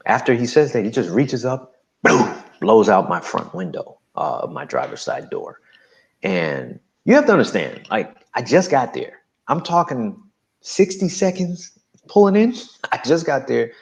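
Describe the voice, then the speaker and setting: Male interview guest, low fry-heavy voice, animated storyteller, lo-fi sound. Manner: animated storytelling with acted quotes.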